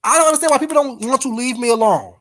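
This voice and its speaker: A man's voice: extremely high pitch, racing, a bit bright. A man hosting a casual livestream, bluntly cussing out trolls and greeting viewers in the chat by name. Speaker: livestream host.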